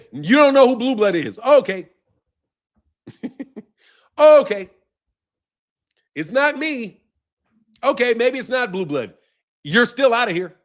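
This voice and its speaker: Combative high-voiced male boxing streamer. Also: sing-song, slow, pauses often. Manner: blunt, combative, profane, laughs often. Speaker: boxing channel host. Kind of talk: live stream chat with viewers.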